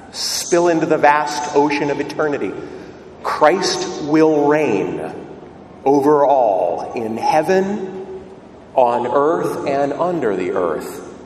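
Priest preaching in an echoey church. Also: male voice, a little high, far from the mic, a little hiss or hum. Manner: lively, conversational preaching with rising emphasis. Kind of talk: gospel reading and homily.

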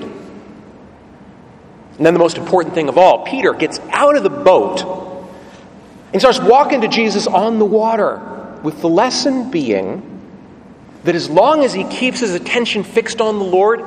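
Animated male preacher in a reverberant church. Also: high-pitched, a little slow, long pauses. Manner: lively storytelling with rhetorical questions to the congregation. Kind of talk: sermon. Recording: long church reverb, faint ambient noise.

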